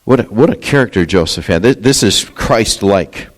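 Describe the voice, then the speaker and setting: A man preaching a Bible study sermon, talking candidly and conversationally, rising into animated quoted lines. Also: fairly low pitch, normal speed. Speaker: pastor. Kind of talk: expository sermon.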